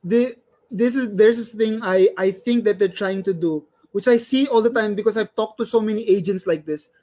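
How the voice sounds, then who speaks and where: A man with a Filipino accent, a comedian, explaining his views carefully in a relaxed chat, mixing Tagalog and English and often restarting sentences. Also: high voice, normal speed. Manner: analytical, explains carefully, stumbles over words. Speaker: stand-up comedian and IT worker, guest.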